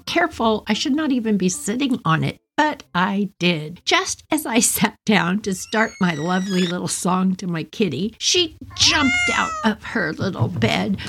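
A middle-aged woman telling a funny childhood story on her podcast, playful and animated. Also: medium pitch, slight background noise. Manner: animated, playful, many voices.

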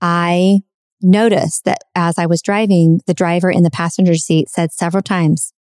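A woman's voice: lowish voice, flat delivery, normal speed, darkish tone, dry recording, clean studio sound. A middle-aged woman hosting a podcast, giving an earnest, reflective spiritual self-help talk and repeating phrases for emphasis. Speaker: podcast host.

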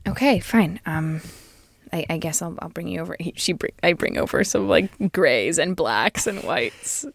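A woman's voice: fairly low pitch, animated, normal speed, vocal fry, no room sound, clean studio sound. A woman improvising a comedy scene, talking in a chatty, flustered way as she switches between characters. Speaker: comedy podcast co-host.

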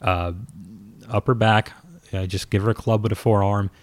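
Male storyteller, low voice, dry close sound, casual and self-deprecating, swears easily. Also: fairly even intonation, normal speed, no room sound. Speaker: former pro wrestler telling a story.

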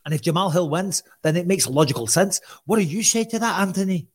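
Chatty man, slightly high voice. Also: lively intonation, fast, slightly rough. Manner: chatty, teasing, repeats himself. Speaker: host and commentator. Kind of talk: casual sports chat.

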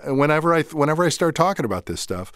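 A man guest talking casually in an interview, telling animated stories, acting out quotes and laughing often. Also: a little high, rapid-fire, no echo, clean studio sound. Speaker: guest actor and director.

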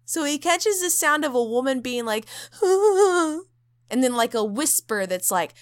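Woman, young adult, podcast co-host, casual storytelling, lively pitch, slightly high voice. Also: measured pace. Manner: animated, acts out quotes with loud jumps in pitch.

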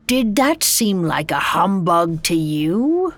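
A woman's voice: fairly low pitch, sing-song, slow pace, soft background music, exaggerated voice. A woman voicing the grim ghost of an old businessman bound in chains, speaking in grave, solemn warnings.

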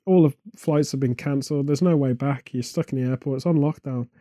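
A man co-hosting a comedic casual chat, rambling through absurd film pitches in an animated and easily exasperated way. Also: brisk, dry recording, clean studio sound. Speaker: podcast co-host.

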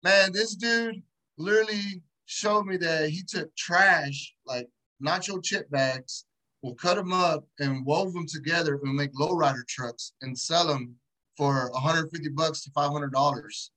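A man in an interview, telling stories in animated, slangy, profane street talk. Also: a little high, unhurried, low-quality recording. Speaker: guest, entrepreneur. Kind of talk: casual interview storytelling.

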